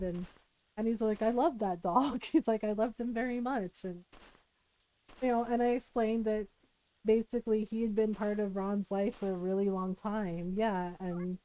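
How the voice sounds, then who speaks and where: A woman's voice: mid-range voice, warm tone, poor audio. A middle-aged woman streaming live, telling a family story in a chatty, rambling way full of fillers and laughter. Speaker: livestreamer. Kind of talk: casual storytelling while streaming.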